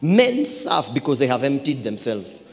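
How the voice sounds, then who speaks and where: A man preaching a sermon in a church, swinging from hushed asides to loud exclamations and repeating phrases. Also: medium pitch, big pitch swings, moderate pace, creaky. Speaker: pastor. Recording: echoey church hall.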